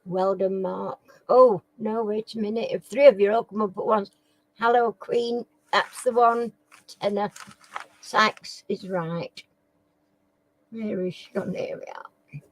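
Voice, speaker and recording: A woman's voice: mid-range voice, steady tone, slow, a little hiss or hum, low-quality recording. A woman hosts a casual live quiz. She reads questions aloud, stumbles over words, and chats with viewers by name. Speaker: live stream quiz host.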